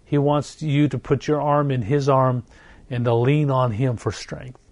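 A middle-aged man preaching a sermon, earnest and warm in his repetition, slowing down to stress each phrase. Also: medium pitch, level tone, no room sound. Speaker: pastor.

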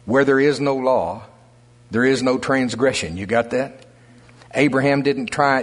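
An older man preaching a sermon, telling stories in a folksy, animated way. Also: mid-range voice. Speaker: pastor. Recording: husky voice with long hall reverb.

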